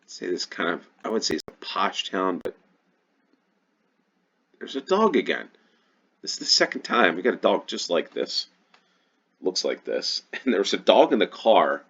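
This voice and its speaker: A man's voice: sits low, very animated, moderate pace, long pauses, fairly bright tone, breathy edge, lo-fi sound. A man from New York with a Western New York accent, thinking aloud while playing a geography guessing game, hesitant and full of ums. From New York, USA. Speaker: GeoGuessr channel host. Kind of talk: casual gameplay commentary.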